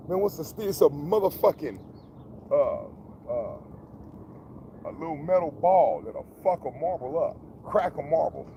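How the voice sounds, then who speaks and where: A man vlogs in a casual, rambling livestream outdoors in the country, talking to his viewers, joking, and cursing freely. His voice is on the high side and very animated, at a normal speed. The background is noisy.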